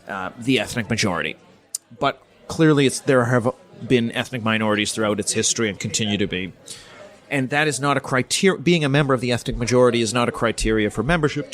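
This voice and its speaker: Measured professor from Canada explaining. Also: male voice, medium pitch, fairly bright tone. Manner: measured, explanatory, with frequent ums and restarts. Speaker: guest, politics professor. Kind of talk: podcast interview, academic explanation.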